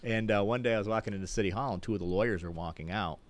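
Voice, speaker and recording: Lively, fast-talking low-voiced man. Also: no room sound. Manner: animated, restarts and repeats words. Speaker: guest, former mayor. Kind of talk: casual storytelling on a talk show.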